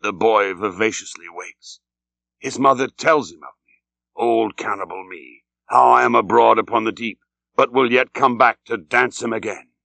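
A man's voice: fairly low pitch, normal speed, vocal fry, sharp tone, no room sound. A man reading the part of an obsessed old whaling captain, grim and weighty, swinging from bellowed orders to weary murmurs. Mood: brooding.

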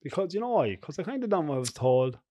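A man's voice: on the high side, very animated, fast talker, dark tone, no echo, lo-fi sound. A middle-aged Irish man chatting as a guest on a podcast, rambling through anecdotes and chuckling often. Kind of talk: casual podcast chat.

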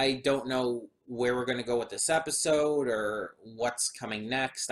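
A man in the middle of his range talks straight to his viewers, rambling and thinking out loud as he goes. He sounds slightly drowsy and yawns between thoughts. The delivery is relaxed and conversational, never scripted. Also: medium pitch. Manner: chatty and meandering, thinking aloud. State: yawning, a bit drowsy. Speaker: anime reaction host. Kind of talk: casual spoken commentary for a video audience.

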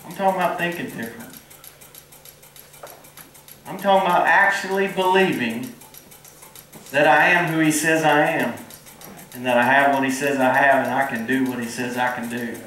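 A man's voice: medium pitch, moderate pace, pauses often, a bit bright. A man preaching a sermon in a folksy, earnest way and drawing responses from the congregation. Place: church hall. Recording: echoey hall from far off.

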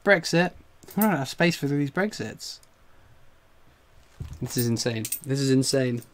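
A mid-range voice, a little slow, belongs to this English coin collecting streamer. His excited live commentary is breathless and peppered with exclamations and laughter.

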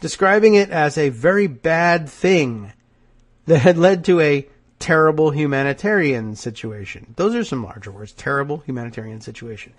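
A man's voice: on the high side, lively intonation, normal speed. A man hosting a political podcast, sardonic and wry, reading news quotes with asides, his nose stuffed up. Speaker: podcast host. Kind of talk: political commentary.

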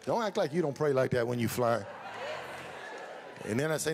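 A man preaching a sermon as pastor, telling a lively story, building up to shouts. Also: mid-range voice, normal speed, creaky, long reverb tail.

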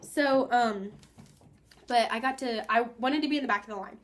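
A teenage girl talks straight to her viewers in a loose, chatty vlog. Her voice sits a little on the high side, and she rambles with fillers and asides, getting excited as she goes. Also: normal speed, a little hiss or hum. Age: teens. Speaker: vlogger. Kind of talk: casual vlog chat.

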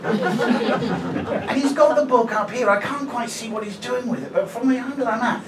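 A man's voice: very high-pitched, normal speed, echoey room, over a noisy crowd. A man in his forties doing stand-up, chatty and self-deprecating, telling a story with lots of "right?". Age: 40s. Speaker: stand-up comedian. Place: comedy venue stage. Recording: live room, mic at a distance, loud audience.

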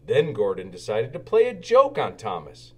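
A man reading a children's storybook aloud, with expressive, animated narration. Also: medium pitch, moderate pace, husky. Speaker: children's book reader.

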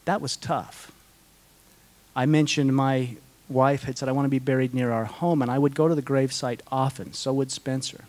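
At a conference, a middle-aged man fields audience questions, telling earnest, heartfelt stories and often starting over. His mid-range voice is slightly mellow, with fairly even intonation and a moderate pace.

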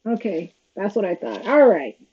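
This reaction host has a mid-range voice that's very animated, speaking at normal speed as she sarcastically and exasperatedly narrates a casual watch-along. Faint noise sits in the slightly dull, lo-fi recording.

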